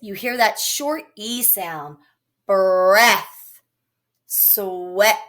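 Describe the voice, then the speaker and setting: A woman's voice: mid-range voice, very slow, fairly bright tone. A woman teacher giving a recorded phonics lesson to young children, patiently sounding out each word. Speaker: elementary teacher.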